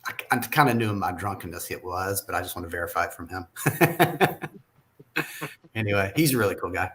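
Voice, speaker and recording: A man with a Southern American accent, chatting casually on a podcast. His voice sits fairly low. He rambles through his stories and chuckles often. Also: expressive, brisk, a bit bright, a little hiss or hum. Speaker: podcast guest. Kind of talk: casual chat.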